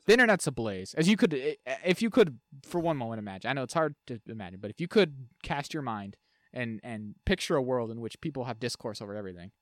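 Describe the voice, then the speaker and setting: Brief: quick, animated male podcast co-host, dry close mic. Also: mid-range voice, no room sound. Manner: animated, jokey, trails off into muttering. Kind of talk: casual chat.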